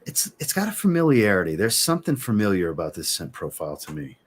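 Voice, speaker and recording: Relaxed husky-voiced man hosting a stream. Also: on the low side, quick pace. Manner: easygoing, reads out chat comments. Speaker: livestream host and fragrance reviewer. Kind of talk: casual livestream chat.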